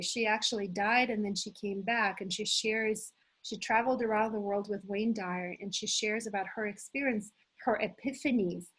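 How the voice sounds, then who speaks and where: A middle-aged woman leading a live motivational workshop as a coach, enthusiastic and animated, talking to her listeners as "you guys". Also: mid-range voice, breathy edge, rough recording. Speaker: manifestation coach hosting an online challenge.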